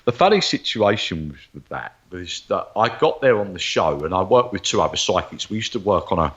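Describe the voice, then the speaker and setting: Animated man telling stories. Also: deep voice, brisk, muffled recording. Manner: animated, acts out quoted voices. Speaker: guest psychic medium. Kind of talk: storytelling interview chat.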